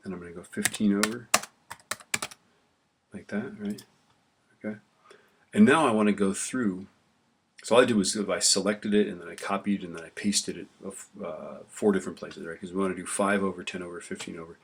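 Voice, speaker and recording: The speaker is a male teacher whose husky, low-pitched voice is a little fast and fairly even, broken by long pauses. He casually explains a spreadsheet in a screen-recorded tutorial while typing, often checking in with "right?", as keyboard clicks sound behind him.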